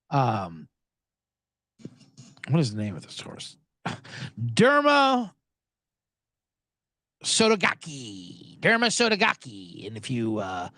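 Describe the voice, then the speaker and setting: A man's voice: high voice, a bit bright, no echo. A man hosting a sports gambling show, rambling through a profane, self-interrupting comedic monologue. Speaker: sports betting podcast host.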